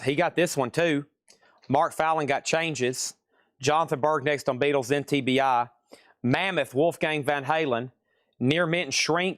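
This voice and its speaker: A man's voice: a little high, fairly bright tone, no echo, studio quality. A man hosting a live-stream vinyl sale, chatting casually as he reads out buyers' names, prices and the condition of each record. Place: record shop.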